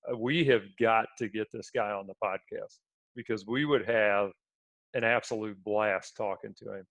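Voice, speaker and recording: Low-voiced man telling stories, dry sound. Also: no echo. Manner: storytelling, laughs while talking. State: feeling sick. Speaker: podcast co-host. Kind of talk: casual chat.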